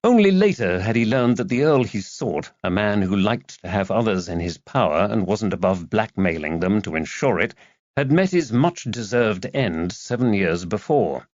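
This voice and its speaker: A man narrating a cozy mystery audiobook in a lively, expressive read. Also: fairly low pitch, normal speed, no room sound. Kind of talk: scripted narration. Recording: dull dry lo-fi recording.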